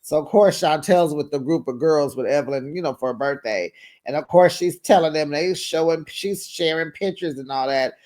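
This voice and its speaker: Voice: mid-range voice, moderate pace, darkish tone. Sassy chatty recap host. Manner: sassy, chatty, laughs often, talks to viewers directly. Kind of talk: casual gossip commentary.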